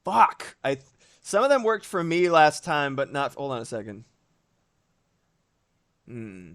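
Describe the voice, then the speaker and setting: Animated, swearing male streamer. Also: a little high, smooth. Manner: animated, swears freely, quick asides and laughs. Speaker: live streamer. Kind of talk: casual live-stream chat while drawing.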